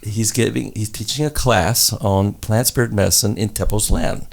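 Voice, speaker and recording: Older male guest, gravelly, lowish voice, rambling storyteller who voices the people in his tale. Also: fairly even intonation, normal speed. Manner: rambling, repeats words, acts out quoted voices. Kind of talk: storytelling in a conversation.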